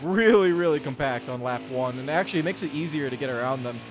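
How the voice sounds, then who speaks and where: A man's voice: medium pitch, animated, fast. A man commentating his own racing gameplay, rambling and cutting himself off as he rants in frustration. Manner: rambling, self-interrupting, exasperated rants. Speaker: gaming channel host. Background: game music and car engine sounds.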